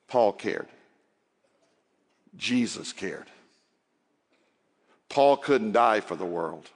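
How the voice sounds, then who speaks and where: A male preacher delivering an impassioned sermon. He rises into loud urging and then drops to quiet, hushed tones. His voice rings with a long hall reverb. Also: on the low side, animated, drawn-out words, pauses often.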